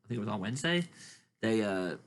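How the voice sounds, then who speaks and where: A man's voice: lowish voice, fast. A man co-hosting a casual chat podcast, rambling through profane stories. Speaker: podcast co-host. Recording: steady background noise.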